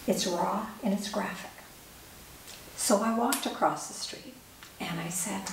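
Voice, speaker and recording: Brief: middle-aged woman speaker, measured and earnest storytelling; distant mic, roomy echo, faint hiss. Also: medium pitch. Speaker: author and speaker. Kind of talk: personal storytelling talk.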